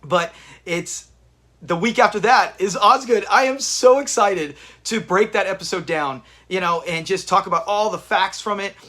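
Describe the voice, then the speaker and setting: A man's voice: sits high, moderate pace, sharp tone. A man hosting a live watch party, chatting casually with viewers and thanking them by name. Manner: chatty, reads out viewer names, restarts often.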